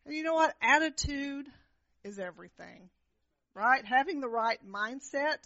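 A woman minister preaching a sermon, telling personal stories in an animated way and often asking the crowd "right?". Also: high voice, a little slow, dry recording. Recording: dull lo-fi, dry sound.

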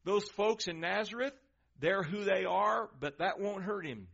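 A high-pitched man preaches an emphatic sermon in a church, putting questions to the congregation. He swings between loud, urgent lines and soft, hushed ones. The sound is dull and lo-fi. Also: a little slow, vocal fry. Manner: emphatic, varies volume, asks the crowd questions.

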